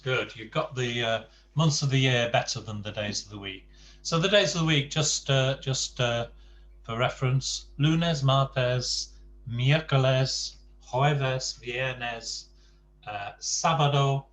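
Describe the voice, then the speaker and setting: Slow, patient male language tutor. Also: mid-range voice, fairly bright tone, a little hiss or hum, poor audio. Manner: patient, jokey, slow with many fillers. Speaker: Spanish tutor. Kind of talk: online language class. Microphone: video call.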